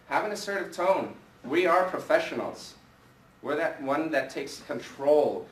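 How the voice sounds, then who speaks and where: This man's voice sits on the high side, at a moderate pace, with a little hiss or hum in the audio. He leads a group sales training live, energetically coaching and quizzing the room, captured from afar in an echoey room with faint ambience.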